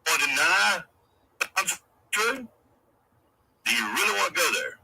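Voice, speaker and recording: A man's voice: high voice, big pitch swings, a little slow, creaky, background noise. A man hosting a livestream, delivering a profane, confrontational rant and taunting his critics. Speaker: livestream host.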